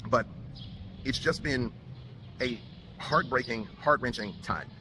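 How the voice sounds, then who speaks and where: Man, mid-pitched, rapid bitter account, noisy played-back clip. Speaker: guest recounting a dispute.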